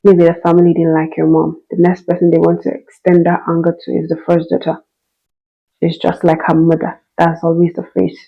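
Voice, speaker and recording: Rich: A woman speaking in a heartfelt, earnest reflection, growing emotional and repeating phrases for emphasis. Her voice carries a gravelly edge and stays fairly level in pitch, and the recording sounds a little dull and lo-fi. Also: monotone, brisk. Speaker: host reading and responding to a listener's story.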